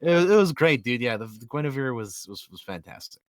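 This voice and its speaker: A man's voice: mid-range voice, big pitch swings, a little fast, dry recording, studio quality. A man co-hosting a podcast in casual chat, laid-back and slangy, stretching words for emphasis. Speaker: podcast co-host.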